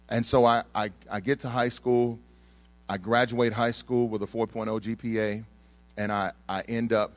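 A man's voice: fairly low pitch, no echo. A young man from Texas giving a sermon, telling his own story in a casual, joking way with plenty of ums. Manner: conversational, humorous storytelling with frequent fillers. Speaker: speaker giving a testimony sermon.

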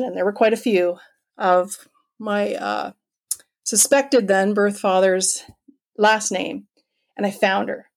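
A woman's voice: mid-range voice, a little mellow. A middle-aged woman from Canada, a guest telling a personal story in conversation, earnest and emotional, rambling with many fillers. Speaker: guest telling her adoption search story.

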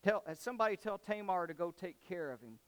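Man playing a distracted busy king, brisk and offhand, fairly high voice. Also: expressive, a bit bright, no room sound.

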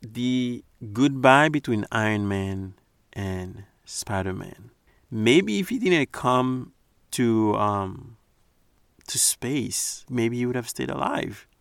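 A man's voice: mid-range voice, lively intonation, slow, vocal fry, clear, resonant tone, dry recording. A man giving casual, earnest commentary on a movie scene, reflecting as he analyzes it.

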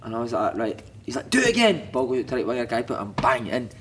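A Scottish man in his thirties, a former footballer on a podcast, telling animated, sweary stories and shouting out quoted lines. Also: mid-range voice, fast talker, background noise. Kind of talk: casual chat, storytelling.

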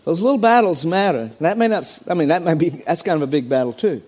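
A man preaching a sermon as pastor, animated, acting out quoted voices with sudden jumps in pitch. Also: fast.

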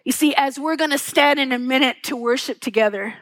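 In a fairly quick sermon, a middle-aged woman pastor speaks with a bright, high voice, earnest and tender as she shares stories and asks rhetorical questions. A close mic captures her dry, without any room echo.

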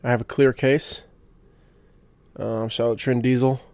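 A man's voice: medium pitch, little pitch movement, a little slow, darkish tone, no room sound. A young man hosting a casual solo podcast, rambling with lots of fillers and restarts and getting fired up about sports. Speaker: podcast host.

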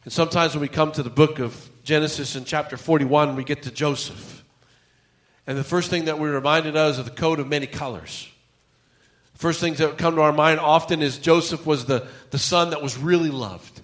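A man's voice: a little high, fairly even intonation, moderate pace, a bit bright. A male pastor preaching a conversational sermon, telling Bible stories and acting out the characters' lines. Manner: conversational storytelling, acts out quotes.

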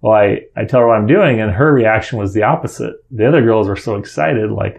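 Gravelly low-voiced middle-aged man. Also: normal speed, darkish tone. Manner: earnest and rambling, with frequent restarts. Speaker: father telling a personal story. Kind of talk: casual personal storytelling.

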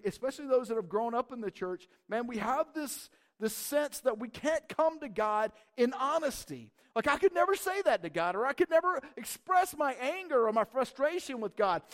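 Pastor, male, very high voice, emphatic casual preaching style. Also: a bit bright. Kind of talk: sermon.

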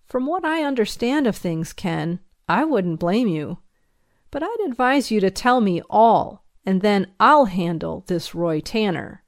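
A woman's voice: mid-range voice, animated, measured pace, no echo, studio quality. A woman voicing a folksy country sheriff. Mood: gentle, grave. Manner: folksy drawl. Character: rough-spoken male country sheriff, gruff but fatherly.

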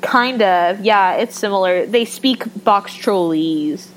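A woman's voice: medium pitch, slow pace, poor audio. Young female co-host, gushing and playful, casual chat, faint room noise. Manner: enthusiastic, gushing, jokey. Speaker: podcast co-host.

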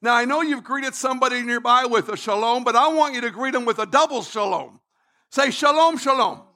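A man pastor preaching a sermon, emphatic, repeating phrases and building to shouts. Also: very high voice, fairly quick.

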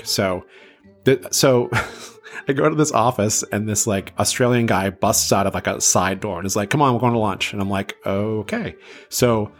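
A man in his thirties, from south of Boston, hosting a podcast and telling a story in a chatty, self-deprecating way with many fillers. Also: fairly low pitch. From south of Boston, USA. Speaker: podcast host.

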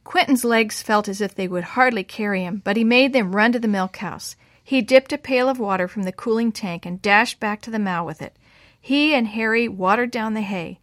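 A woman narrating a children's story, using lively voices for the boys' lines. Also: medium pitch, moderate pace, no echo, clean studio sound.

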